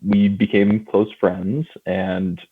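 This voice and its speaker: A man in his thirties from California, a guest on a podcast, telling his story in a lively way and laughing often. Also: on the low side, slow, slightly rough. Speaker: guest comic writer and publisher. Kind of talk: casual podcast chat. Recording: tinny phone-like line.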